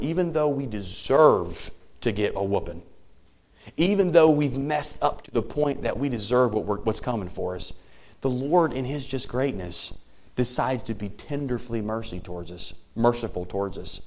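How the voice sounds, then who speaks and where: Brief Male pastor, thirties, mid-pitched, preaches with big swings from loud emphasis to hushed tenderness. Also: moderate pace. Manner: animated preaching, swinging from loud emphasis to soft near-whisper. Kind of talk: sermon.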